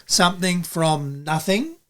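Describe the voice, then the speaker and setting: An Australian man with a slightly higher voice hosts a podcast on a close pod mic. He talks in a loose, rambling way, circling back on his own words and dropping in the odd swear. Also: animated, a little slow. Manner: rambling, repeats himself, swears casually. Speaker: podcast co-host. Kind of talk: casual chat.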